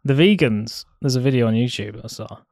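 A man's voice: mid-range voice, fairly quick, darkish tone, no echo, clean studio sound. A man co-hosting a podcast, chatty and eager to jump in with a story. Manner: eager, chatty, interrupts to tell stories. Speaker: podcast co-host. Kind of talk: casual banter.

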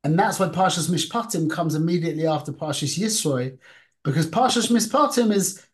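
Speaking briskly in a fairly high voice, this man teaches a casual Torah class. His English is mixed with Hebrew and Yiddish words, and he keeps quizzing the listeners in a conversational way.

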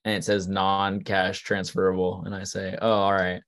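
A man's voice: deep voice, completely flat delivery, moderate pace, fairly bright tone. A young man who is a college student, casually telling a self-deprecating story over a video call. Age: young adult. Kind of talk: casual chat.

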